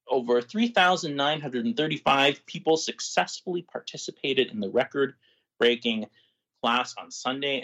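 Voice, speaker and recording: A man co-hosts a relaxed news chat and reads stories aloud to the others. His pitch moves up and down a lot as he talks. He laughs easily between items. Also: poor audio. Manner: animated, laughs often, reads articles aloud. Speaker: co-host reading news items.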